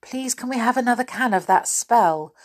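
A woman's voice: on the high side, lively intonation, voice pushed up. A woman reading aloud and voicing a practical magical man in a children's story. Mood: cheery. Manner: brisk, gloomy then cheerful. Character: Moonface, round-faced magical man, practical.

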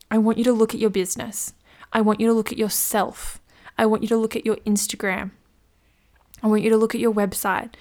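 A woman hosting a solo business podcast, chatty and playful, acting out little scenes as she gives advice. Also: medium pitch. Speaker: podcast host, business coach.

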